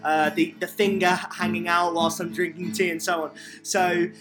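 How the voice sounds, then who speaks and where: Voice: mid-range voice, level tone, normal speed, over music. A podcast host with a British accent, chatting casually and poking fun at himself. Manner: chatty, self-mocking. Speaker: podcast host at a summer camp.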